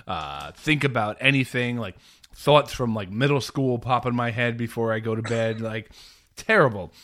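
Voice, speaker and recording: A man in his thirties co-hosting a podcast, chatting casually and acting out quoted lines with a laugh. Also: medium pitch. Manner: lively, laughs often, acts out quotes. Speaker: podcast co-host. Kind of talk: casual chat.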